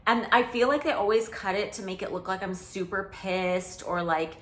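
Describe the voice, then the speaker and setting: A woman's voice: medium pitch, moderate pace, fairly bright tone, roomy sound. A woman in her forties chatting candidly through a reaction commentary, self-mocking, with lots of "like". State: out of breath. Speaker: host reacting to her old TV show. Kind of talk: casual commentary vlog.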